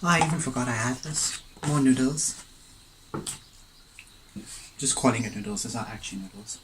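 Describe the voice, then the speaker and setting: A chatty man tells a story while eating, tasting his food between sentences and wandering off into asides. His voice sits at an ordinary middle pitch. A faint steady noise runs behind him at home. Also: moderate pace, low-quality recording. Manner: rambling, digressive, chatty. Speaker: mukbang vlogger.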